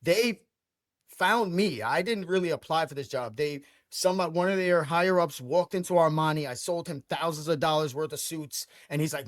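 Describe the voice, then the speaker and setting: A middle-aged man from Brooklyn, telling his life story as an interview guest with emphatic, energetic delivery and frequent repeated words. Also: a little high, a little fast, no room sound. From Brooklyn, New York. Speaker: franchise owner guest.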